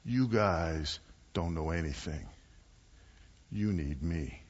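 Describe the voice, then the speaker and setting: A man voicing a scheming, commanding male high priest who talks low and slow. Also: lively intonation, breathy edge, full character voice. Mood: menacing. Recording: muffled, echoey church hall.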